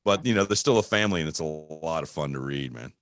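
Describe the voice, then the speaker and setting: A man who narrates audiobooks, talking casually as a guest with halting restarts. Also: extremely low pitch, lively intonation. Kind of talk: casual chat.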